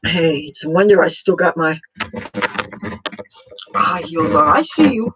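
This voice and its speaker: A political vlogger talking casually at home in a rambling, halting way with many fillers and restarts. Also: mid-range voice, very animated, gravelly, muffled recording.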